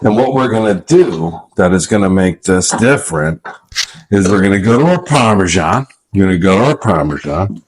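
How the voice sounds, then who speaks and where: A man, a dad, hosting a casual family cooking show in a home kitchen with playful hype-man patter and shout-outs. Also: deep voice, lively intonation, moderate pace, low-quality recording.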